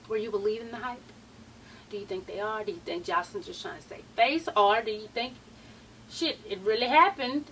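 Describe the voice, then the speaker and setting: A woman's voice: on the high side, a bit bright, recorded from a distance, slight background noise. A tired woman vlogger giving a casual, sassy, profane recap of a reality show and quizzing her viewers directly. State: tired, late at night. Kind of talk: casual gossipy recap commentary.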